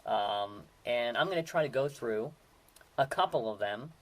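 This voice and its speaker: A man's voice: medium pitch, lively intonation, unhurried. A man, hosting a casual solo talk and rambling with many fillers and restarts. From Western Pennsylvania. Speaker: podcast host.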